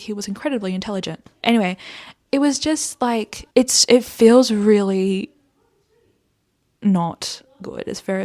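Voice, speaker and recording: A woman retells a book's plot for her vlog in a loose, exasperated, filler-heavy way. Her voice carries a gravelly fry at mid pitch. The recording is dry and close, with little room sound. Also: a little mellow, no room sound. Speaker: book vlogger. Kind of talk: casual book recap.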